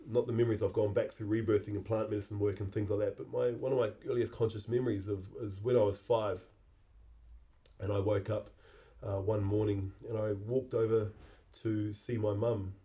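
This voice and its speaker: Low, dark-voiced man. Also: flat delivery. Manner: halting, repeats words while recalling. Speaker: podcast host. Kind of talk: reflective personal storytelling.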